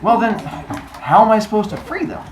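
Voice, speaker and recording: Man playing an excitable young god, loud, naive, lively pitch, echoey room. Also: fairly quick, distant mic, slight background noise. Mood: eager. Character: eager hot-headed young god, man.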